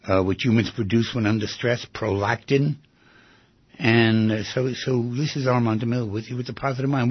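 Gravelly husky man hosting radio talk. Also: medium pitch, no echo, lo-fi sound. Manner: rambling, conversational, repeats phrases. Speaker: radio show host and psychotherapist. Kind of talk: radio talk show monologue.

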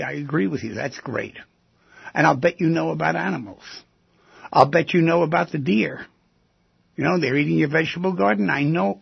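A man with a gravelly, very husky voice hosts a radio call-in show, pressing listeners with one question after another. He teases and jumps to sudden loud bursts. The sound is dry and somewhat dull. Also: a little high, no room sound. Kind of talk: talk radio monologue.

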